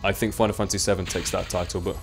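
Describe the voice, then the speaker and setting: Young guy as a let's play commentator, chatty and rambling, lowish voice, faint game music behind. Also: flat delivery, rapid-fire. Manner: chatty, rambling, self-mocking. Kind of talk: casual gameplay commentary.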